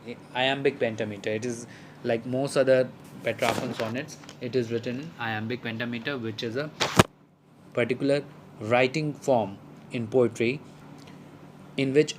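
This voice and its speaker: A man's voice: mid-range voice, slight background noise, poor audio. A man teaching a lesson, explaining a poem at length with many fillers and restarts. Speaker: literature teacher.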